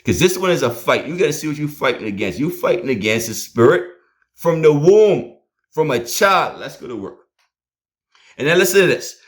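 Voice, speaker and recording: A man's voice: fairly high pitch, expressive, moderate pace. A man preaching a sermon, emphatic and storytelling, with repeated rallying phrases.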